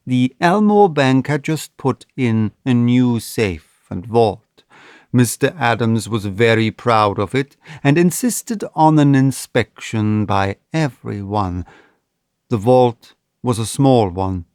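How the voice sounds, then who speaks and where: A man reading a short story aloud as narrator, in an expressive, measured style. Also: mid-range voice, no room sound, clean studio sound. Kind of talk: scripted audiobook narration.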